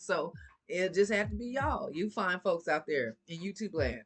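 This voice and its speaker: A woman's voice: on the low side, big pitch swings, normal speed, breathy edge. A woman giving a casual motivational talk to her viewers, sassy and preachy, laughing often and swearing freely. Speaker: vlogger.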